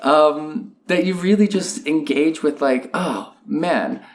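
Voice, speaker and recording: A man's voice: on the high side, a little slow, a little hiss or hum. A young adult man co-hosting a casual podcast chat, earnest and enthusiastic, with many "um" and "you know" fillers. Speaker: podcast co-host.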